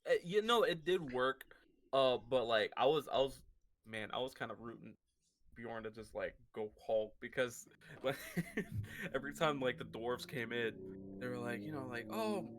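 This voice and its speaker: A man's voice: medium pitch, a little hiss or hum. Joking man acting out book scenes. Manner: jokey, acts out characters in quick bits. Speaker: podcast co-host. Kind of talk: casual book club chat.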